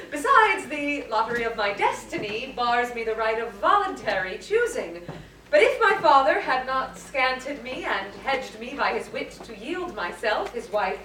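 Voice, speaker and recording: A poised young noble lady answers her suitor in measured, formal speech, played by a woman. Her voice sits high and moves a lot. It echoes in a hall, recorded from a distant camera. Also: bright, forceful tone, a little hiss or hum, exaggerated voice. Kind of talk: stage acting of classic verse drama. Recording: roomy hall from a far camera.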